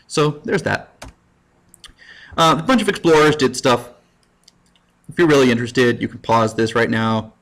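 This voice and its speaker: Speaking at normal speed with long pauses, this high school history teacher has a mid-range, fairly bright voice. His recorded lecture is jokey and casual, sprinkled with goofy asides and put-on quotes.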